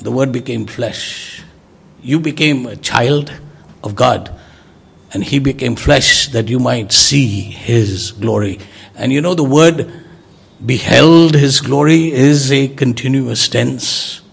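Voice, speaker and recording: A man delivers an emphatic sermon, rising into loud exclamations and then dropping to soft low words. His voice is gravelly and husky, and he takes his time. He speaks to a congregation as their preacher. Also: slow.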